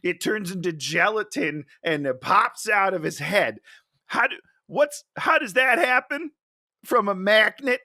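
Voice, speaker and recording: A man's voice: high-pitched, unhurried, no room sound, studio quality. A man co-hosting a casual comedic movie review podcast, ranting in disbelief and laughing often. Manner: animated, incredulous ranting with frequent laughs. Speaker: podcast co-host.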